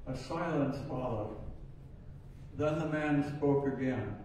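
A man in his nineties giving a sermon in a church, talking in a plain, unhurried way. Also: mid-range voice, darkish tone, a little hiss or hum. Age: 90s. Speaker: church speaker. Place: church sanctuary. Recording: echoey hall, voice from far off.

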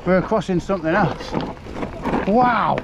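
Excitable man on a helmet cam. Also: high voice, unhurried, gravelly. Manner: exclaiming and laughing, breathless bursts. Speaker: mountain biker filming his ride. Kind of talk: excited ride commentary. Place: outdoors on a wooded hill trail. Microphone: helmet camera. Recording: muffled helmet-cam audio with wind and trail noise.

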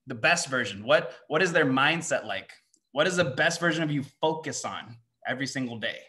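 A young seminar speaker and mindset coach pumps up a room of students through rapid-fire rhetorical questions, often finishing with "right?". His medium-pitched voice is expressive and sharp.

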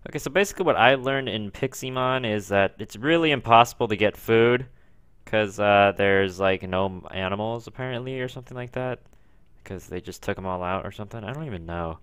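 A young man casually commenting while playing a video game, rambling, grumbling about lag, and breaking into sudden excited outbursts. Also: on the low side, fairly quick, smooth, dry recording. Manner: rambling, frequent swearing at lag and jumpy outbursts. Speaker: gaming video creator. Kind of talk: casual let's play commentary.

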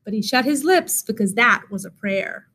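A teacher reading a fairy tale aloud in a measured, expressive way. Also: female voice, a little high.

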